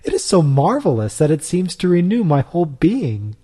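A man reading aloud, voicing an eager young male Roman pagan who asks excited, pleading questions. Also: a little high, normal speed, slightly rough, voice pushed up. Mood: eager wonder. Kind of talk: storybook reading.

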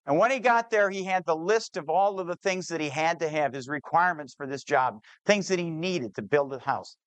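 A man telling a true-to-life story to an audience, slowing down on key details and voicing the people in it. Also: fairly high pitch, clear, resonant tone, no room sound. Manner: shifts pace, slows on key details, plays the people in the story. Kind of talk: dramatic spoken storytelling.

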